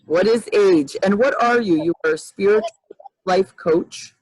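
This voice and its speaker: A woman's voice: medium pitch, measured pace, a little mellow, breathy edge, dry recording, poor audio. A woman in her fifties hosting a casual livestream chat over a video call, rambling and restarting often. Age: 50s. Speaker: host, life coach.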